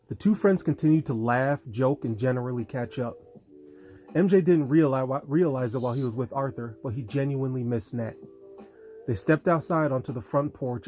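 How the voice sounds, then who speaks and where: Man narrating a novel, faint music. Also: mid-range voice. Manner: steady storytelling. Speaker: audiobook narrator. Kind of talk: scripted narration.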